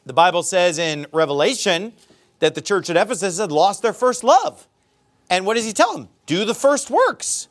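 A man preaching a sermon, quoting scripture in old wording and explaining it with lively asides. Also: sits high. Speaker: pastor.

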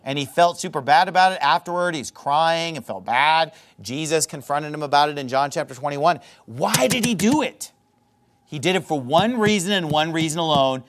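A man's voice: a little high, animated, normal speed. A man preaching a sermon as pastor, emphatic and repetitive, hammering his points home.

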